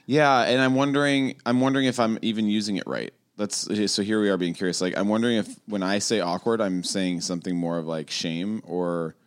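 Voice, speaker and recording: A man with a low-set voice chatting as co-host of a podcast. He talks with intensity and animation and breaks into laughter often. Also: fairly even intonation, fairly quick, hardly any pauses, clear, resonant tone. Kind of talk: casual chat.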